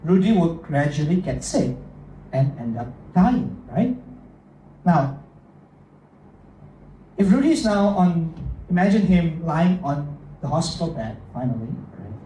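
Animated preacher in an echoey room. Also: male voice, on the high side, unhurried, pauses often, a little hiss or hum. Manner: animated, repeats words, acts out a story character. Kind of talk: sermon, mixing English with Indonesian. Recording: echoey room from far off, faint ambience.

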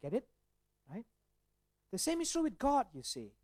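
A man's voice: very high voice, huge pitch swings, moderate pace, a little mellow, no room sound. A man preaching a sermon as a pastor, with rhetorical questions and frequent restarts.

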